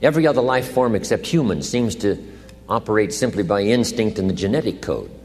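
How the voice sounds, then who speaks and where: A man speaks in a fairly low voice with a lively, animated pitch, explaining his ideas and answering his own questions. His voice rings with long hall reverb, and faint music plays underneath. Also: fairly quick. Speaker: motivational speaker. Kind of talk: lecture-style speech.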